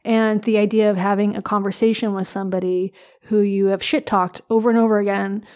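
A woman's voice: medium pitch, flat delivery, fairly quick, darkish tone. A woman co-hosting a podcast in casual chat, wry and blunt, talking very close to her mic in a room other than her usual one. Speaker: podcast co-host.

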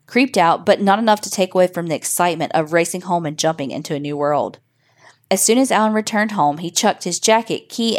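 A woman hosting a podcast, reading a listener's horror story in steady, measured narration. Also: lowish voice.

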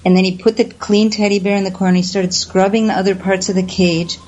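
A woman in an interview tells her stories with animation and acts out the people she quotes. Her voice sits at a middle pitch for a woman. The recording is a little dull and lo-fi. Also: level tone, a little fast, a little mellow. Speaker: guest. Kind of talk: storytelling in an interview. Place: lives in the Southwest US. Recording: slightly dull lo-fi audio.

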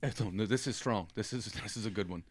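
A man's voice: on the low side, fairly quick, slightly rough. A man in his thirties telling a long comic story in casual chat, acting out what people said. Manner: animated storytelling, acting out quotes. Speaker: storyteller on a comedy podcast.

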